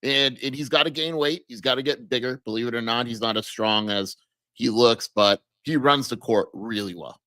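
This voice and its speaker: Man co-host, relaxed analytical sports talk, bright tone, dry recording. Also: medium pitch, normal speed, dry recording. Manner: conversational, analytical. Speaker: podcast co-host. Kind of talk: casual basketball chat.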